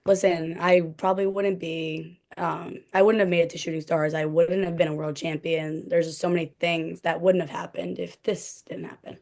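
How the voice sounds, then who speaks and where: A woman's voice: fairly low pitch, flat delivery, moderate pace, vocal fry, hardly any pauses, a little mellow. Chatty young woman retelling a story. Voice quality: frequent "like" fillers, light laughs between words. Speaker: podcast guest, former cheerleader. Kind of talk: casual storytelling chat.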